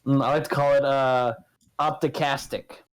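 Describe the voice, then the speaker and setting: A man's voice: mid-range voice, flat delivery, normal speed, smooth. A man dropping in as a guest who chats casually and jokes around with the group. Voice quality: playful, joking. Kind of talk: casual chat.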